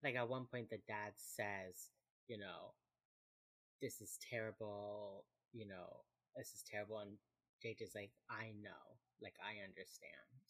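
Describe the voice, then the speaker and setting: Very low-voiced chatty young woman. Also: steady tone, a little slow, fairly bright tone. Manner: chatty, laughs often, acts out quoted lines. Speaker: podcast co-host recapping a TV episode. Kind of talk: casual chat.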